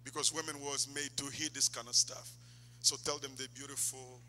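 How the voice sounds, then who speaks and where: A man preaching a sermon in a church, swinging from loud exhortation to quiet asides. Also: medium pitch, flat delivery, fairly quick, slight background noise. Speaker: pastor. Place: church sanctuary. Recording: long church hall reverb.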